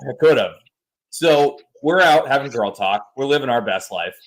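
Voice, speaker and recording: Casual storytelling chat from a podcast co-host in his thirties, whose loose, exaggerated, animated delivery comes in a medium-pitched voice at a moderate pace. The audio is poor.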